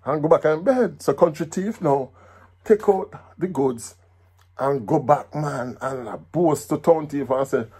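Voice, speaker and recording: A Jamaican man telling a folk story in patois, with a lively, animated delivery. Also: on the high side, a little slow, slightly rough.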